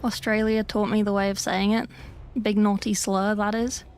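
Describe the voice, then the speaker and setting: A British woman livestreaming as she paints miniatures, chatting casually and reading chat messages with sweary, deadpan joking asides. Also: mid-range voice, moderate pace, clean tone, soft background music.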